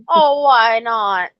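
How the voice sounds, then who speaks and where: A blunt, salty woman with a slightly higher voice hosts a casual live chat. The sound is dry and a little muffled, like lo-fi stream audio. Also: no room sound. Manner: blunt, salty, speaks firmly to her dogs.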